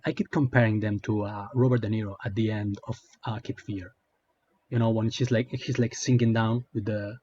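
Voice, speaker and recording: Husky sarcastic man ranting. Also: mid-range voice, a little mellow. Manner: hesitant, filler-heavy, sarcastic. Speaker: online commentator. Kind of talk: casual commentary rant. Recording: dull lo-fi sound.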